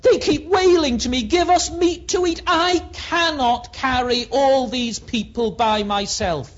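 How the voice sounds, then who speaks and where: A preacher voicing an anguished old male prophet who pleads with God and shouts in despair, on a dull lo-fi recording. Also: medium pitch, expressive, slow.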